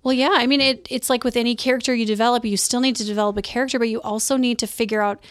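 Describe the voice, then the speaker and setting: Crisp, lighthearted woman chatting. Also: on the high side, fairly even intonation, rapid-fire, no echo, studio quality. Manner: chatty, lots of fillers. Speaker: guest, voice actor. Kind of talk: casual chat.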